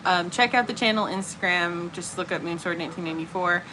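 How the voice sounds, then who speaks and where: A woman's voice: lowish voice, fast, bright, forceful tone, a little hiss or hum, rough recording. A young woman hosting a casual stream, telling stories and laughing often. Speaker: streamer host. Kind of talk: casual chat. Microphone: earbuds.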